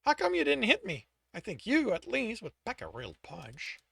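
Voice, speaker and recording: A cocky young mercenary who taunts his captors, read aloud by a man. The voice is gravelly and swings widely in pitch. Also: big pitch swings, moderate pace, no echo, heavily acted. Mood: taunting. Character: brash battered young male mercenary.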